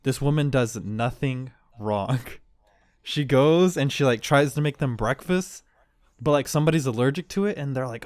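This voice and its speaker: A man's voice: mid-range voice, moderate pace, a little mellow, no room sound. A man co-hosting a casual podcast, rambling through a story, laughing often and acting out the quoted lines. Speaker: podcast co-host. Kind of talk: casual chat.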